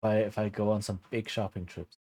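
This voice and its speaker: A man's voice: lowish voice, flat delivery, quick pace, darkish tone, husky, no echo. A man streaming a game, tired and yawning, thinking aloud and joking casually. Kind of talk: casual gameplay commentary.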